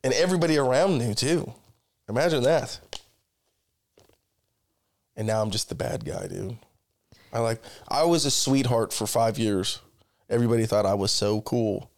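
A man's voice: mid-range voice, lively intonation, moderate pace, long pauses. A young man co-hosting a podcast, chatting casually with a crude, joking manner and plenty of swearing. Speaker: podcast co-host. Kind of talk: casual chat.

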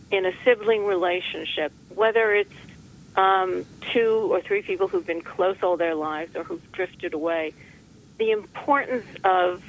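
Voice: mid-range voice, poor audio. An author being interviewed, talking in a reflective, rambling way with restarts and dry jokes. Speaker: author guest. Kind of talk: conversational interview.

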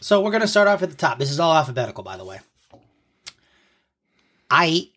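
A man's voice: a little high, very animated, very fast, fairly bright tone, breathy edge. A man in his thirties co-hosting a casual podcast, explaining slang in a playful mock-lesson way, close to the mic. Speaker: podcast co-host quizzing his partner.

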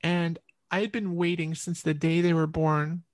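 A middle-aged woman, a podcast guest, telling a personal story in an earnest, halting way with many restarts. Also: lowish voice, fairly even intonation, a little mellow, no room sound.

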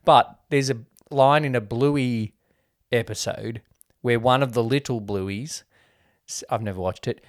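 A young Australian man co-hosting a casual movie review chat, jokey and quick to quote scenes. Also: mid-range voice, dry recording, studio quality. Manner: chatty, jokey, quotes scenes in put-on voices. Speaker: podcast co-host.

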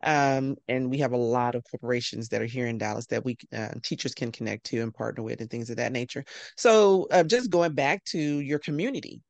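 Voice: medium pitch, fairly quick, dry recording. Rambling podcast host in a dry room. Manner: asks rambling questions and gives steady affirmations. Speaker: podcast host interviewing a former student. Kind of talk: casual interview conversation.

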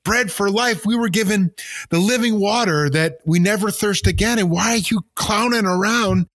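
An older man hosting a casual faith podcast, talking in an animated, preachy way. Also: high voice, normal speed, no room sound, studio quality. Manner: animated, preachy, mimics voices. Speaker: podcast host.

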